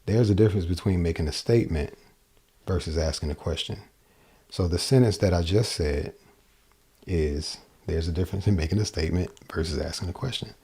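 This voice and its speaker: A man's voice: deep voice, a little fast, mellow, breathy edge. A man giving a casual livestream guitar lesson, thinking aloud and often repeating and restarting his phrases, with a guitar behind him. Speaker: guitar teacher. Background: guitar playing.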